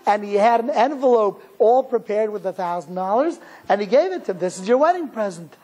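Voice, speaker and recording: Rabbi-lecturer type, American man with a higher-than-usual voice, animated storyteller. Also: brisk. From United States. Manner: animated, acts out quoted dialogue.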